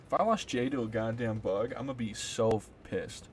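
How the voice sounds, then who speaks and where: A man's voice: mid-range voice, moderate pace, a little hiss or hum. A man streaming a video game, reading its dialogue aloud in dramatic voices and blurting casual reactions between lines.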